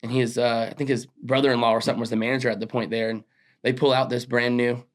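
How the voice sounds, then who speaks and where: A man's voice: mid-range voice, little pitch movement, quick pace. A young man, a roofing business owner, telling his story as an interview guest, acting out quoted dialogue and laughing often.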